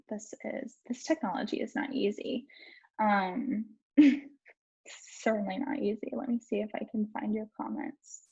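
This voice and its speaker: Young woman, life coach, breathy voice, frank and casual, dull lo-fi stream sound. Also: mid-range voice. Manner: frank, swears casually, talks straight to viewers. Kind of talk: candid personal story on a live stream.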